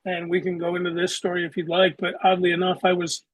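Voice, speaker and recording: A man's voice: sits high, monotone, fast, no room sound, poor audio. A middle-aged man, a former traffic cop telling his stories matter-of-factly as an interview guest. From Southeastern United States. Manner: matter-of-fact, vivid storyteller. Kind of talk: interview storytelling.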